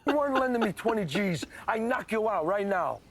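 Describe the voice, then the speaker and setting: A gruff, husky old buddy. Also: male voice, sits high, animated, fairly quick. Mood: indignant. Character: gruff older man, old friend in debt.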